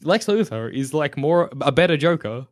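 A man riffs through a casual podcast chat, his voice sitting a little high. His pitch jumps all over as he jokes. He drops in quick throwaway impressions of characters along the way. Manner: animated, jokey, slips into quick impressions of characters. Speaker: podcast co-host.

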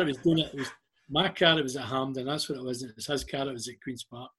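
Speaking quickly at medium pitch, this Scottish man in middle age tells lively anecdotes in a casual conversation as a guest, performing what people said. Slight background noise can be heard.

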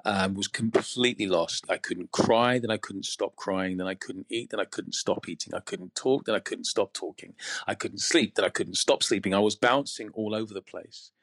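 Reflective English man, measured pace. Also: fairly low pitch, a bit bright, dry recording, studio quality. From United Kingdom. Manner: reflective, measured, pausing often. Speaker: podcast guest, actor. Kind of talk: candid interview conversation.

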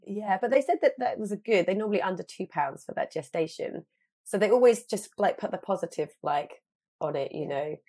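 A woman in her thirties, a guest telling a story in animated casual chat, full of fillers. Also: medium pitch, a little fast.

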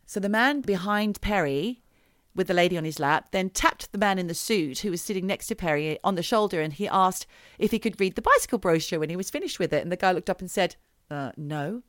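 A woman's voice: lowish voice, expressive, fast, fairly bright tone, dry recording, clean studio sound. A woman co-hosting a podcast who tells a true crime story in a chatty, dramatic way. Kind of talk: casual storytelling chat.

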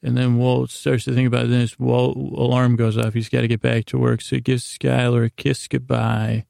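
A man hosting a slow bedtime podcast, recapping a TV episode in a meandering, hesitant way with frequent restarts. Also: medium pitch, level tone, vocal fry, dark tone, no room sound, studio quality. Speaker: podcast host.

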